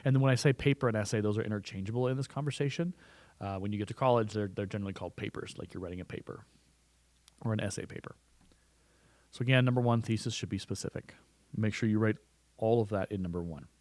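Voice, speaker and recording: A fast-talking man with a fairly low, slightly mellow voice gives a recorded classroom lesson on writing, captured close-up on a studio mic without echo. He speaks conversationally, frequently doubling back on words and starting phrases over.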